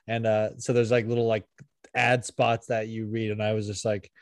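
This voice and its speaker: A man's voice: fairly low pitch, flat delivery, moderate pace, no echo. A man hosting a podcast in casual chat, rambling with lots of fillers, laughing often and swearing. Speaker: podcast host.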